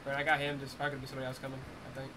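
A man streaming a shooter game, muttering commentary and swearing, with bursts of yelling. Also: monotone, rapid-fire, background noise. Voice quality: profane, yelling outbursts. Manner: muttering low, then shouting in frustration. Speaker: gamer streamer. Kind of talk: live gameplay commentary. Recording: game gunfire behind voice. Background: gunfire and game sounds.

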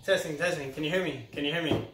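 A man's voice: on the high side, a bit bright, distant mic, slight background noise. A young man, the host's son, chatting casually in a playful, joking way and drawing out his words. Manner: joking, playful, slow and drawn out. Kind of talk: casual chat. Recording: roomy sound a bit off-mic.

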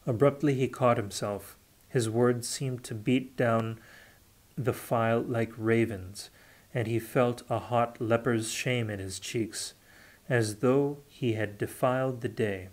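A man reading a fantasy novel aloud unrehearsed, steady with occasional self-corrections. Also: medium pitch, slow pace. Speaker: audiobook reader. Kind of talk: unrehearsed audiobook narration.

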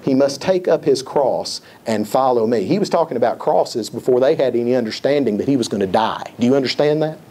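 A man's voice: medium pitch, expressive, a little fast, hardly any pauses, dark tone. A male pastor preaching a sermon, emphatic, repeating key phrases and quoting scripture.

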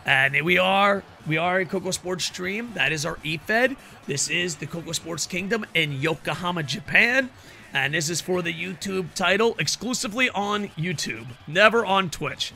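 A man's voice: high voice, expressive, normal speed, gravelly, pushed and bright. A man giving playful live-stream commentary over a wrestling video game, joking with his chat and throwing in ring-announcer flourishes.

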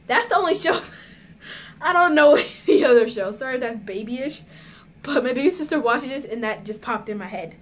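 A woman's voice: high voice, expressive, normal speed. A woman chatting casually in a home vlog, giggly and nervous, talking straight to her viewers. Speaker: vlogger. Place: at home indoors.

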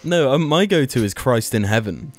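A man co-hosts a casual podcast with a lively, up-and-down voice. He tells stories with energy and swears freely, with faint music behind him. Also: medium pitch, moderate pace. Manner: animated storyteller, swears casually. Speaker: podcast co-host. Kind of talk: casual chat.

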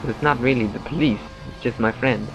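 A man's voice: mid-range voice, brisk, gravelly. A man hosting casual gameplay commentary, joking and blurting out reactions and swears as he drives. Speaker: gaming channel host. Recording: dull, lo-fi mic over game music. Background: game music.

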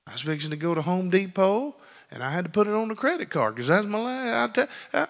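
A preacher man with a high, bright voice tells homespun stories from the pulpit, then rises into loud, fervent preaching. His words ring out with a long reverb in a church sanctuary. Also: big pitch swings, fast, creaky. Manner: folksy storytelling, builds to loud preaching. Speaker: pastor. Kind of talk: sermon.

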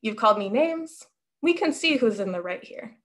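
A suspiciously polite little spider, smooth and reasonable-sounding, always a bit wounded and smug, as a woman reads him in a storybook tale. The voice sits a touch high. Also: animated, normal speed, fairly bright tone. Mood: politely indignant.

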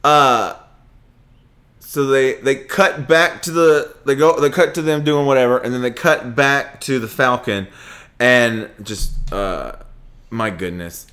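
A young man hosting a podcast, chatting casually and retelling movie scenes in a rambling, animated way. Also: mid-range voice, takes it slowly. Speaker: podcast host. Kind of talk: casual movie review chat.

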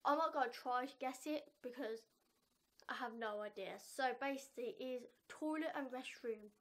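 A woman's voice: high-pitched, moderate pace, fairly bright tone. A woman vlogging in a casual, rambling, chatty way, often repeating herself. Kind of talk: casual chat to camera.

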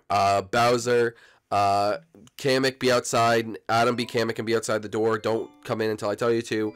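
A young man hosting a game channel, chatting casually and bossing his friends around on a voice call. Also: medium pitch. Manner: bossy, laughing at his friends. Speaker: channel host and director of the role-play.

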